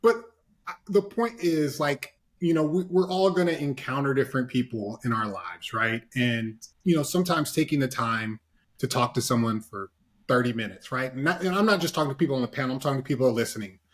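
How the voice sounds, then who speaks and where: A man's voice: mid-range voice, a little fast. A man speaking as a panelist in a casual discussion, giving earnest advice with lots of fillers and "right?" tag questions, over a video call.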